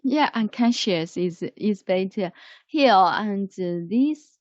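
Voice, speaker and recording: Woman teacher for an online vocabulary lesson, very slow and patient, dry, dull lo-fi sound. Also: mid-range voice, expressive, a little mellow, no room sound. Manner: slow, repetitive, explains word by word.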